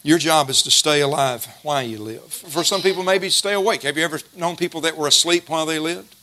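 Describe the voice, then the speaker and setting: Bright-voiced folksy preacher man. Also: a little high, slight background noise. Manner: folksy, storytelling, slows to stress scripture. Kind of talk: sermon.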